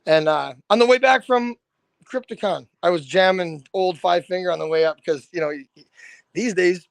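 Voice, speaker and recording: A man, a rock band's lead singer, telling stories as a podcast guest in a loose, animated way, swearing freely and saying "dude" a lot. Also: high-pitched, normal speed, vocal fry, clear, resonant tone, dry recording. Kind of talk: casual storytelling.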